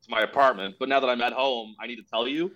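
A man's voice: medium pitch, fairly even intonation, fast, sharp tone, muffled recording. A young man co-hosting a comedy podcast, wry and self-deprecating, often restarting his sentences. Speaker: podcast co-host. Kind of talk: casual comedy chat.

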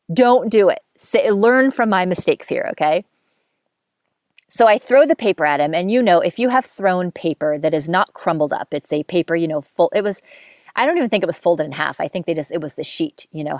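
Candid chatty woman, low and dry. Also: brisk, a little mellow, dry recording. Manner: candid, chatty, swears freely, self-mocking. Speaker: podcast host telling a dating story. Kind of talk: casual storytelling monologue.

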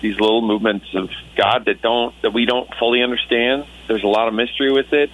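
A man's voice: medium pitch, steady tone, a little fast, fairly bright tone, low-quality recording. A man in his thirties, a Christian musician being interviewed, talking in an earnest, reflective way with many restarts. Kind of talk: casual radio interview.

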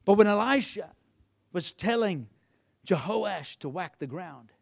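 High-voiced animated preacher. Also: male voice, unhurried, creaky. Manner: animated storytelling, acts out the characters. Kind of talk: sermon.

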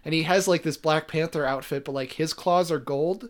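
A man co-hosting a podcast, recapping a TV episode in loose casual chat, rambling with lots of fillers and animated asides. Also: a little high, normal speed. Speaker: podcast co-host.

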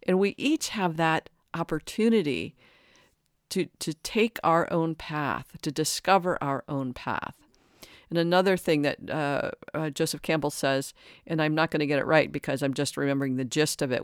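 A speaker in their sixties gives a reflective spiritual talk in a smooth, clear voice of middling pitch. They sound earnest and halting and often stop to restart a thought. The sound is dry and close. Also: no echo. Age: 60s. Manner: earnest, halting, frequent restarts and self-corrections.

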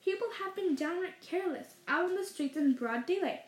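A woman reading aloud and voicing a stern, prim woman professor who speaks in a brisk, clipped, impatient way. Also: extremely high pitch, animated, pitched above the performer's own voice. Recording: roomy echo.

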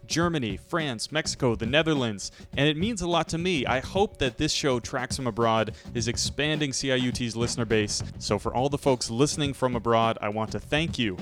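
A man hosting a radio music show, announcing and interviewing in a steady, scripted way. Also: mid-range voice, fairly quick, few pauses. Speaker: radio host.

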